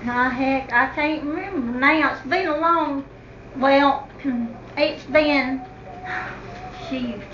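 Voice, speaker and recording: A woman playing a slow-talking, widowed old woman who drawls folksy, catty gossip in a comedy sketch. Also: sits high, fairly bright tone, a little hiss or hum, heavily acted. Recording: roomy, distant, dull home-video recording.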